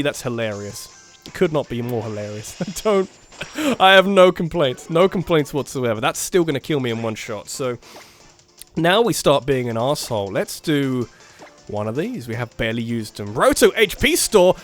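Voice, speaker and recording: Excitable man narrating his gameplay. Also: a little high. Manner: excitable, jumps between muttered strategy and loud bursts, laughs often. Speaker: let's play gamer. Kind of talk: casual game commentary.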